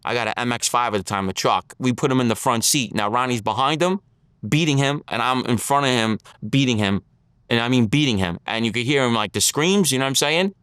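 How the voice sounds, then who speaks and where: New guy, blunt street talk, smooth full voice, dry close mic. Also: mid-range voice, a little fast, a bit bright, no room sound. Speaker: interview guest, former mob associate. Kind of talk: casual storytelling interview.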